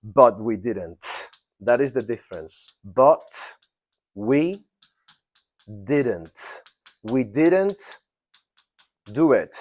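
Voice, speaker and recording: This English grammar teacher has a mid-range, expressive voice. He quizzes his students and goes back over key phrases at a slow pace.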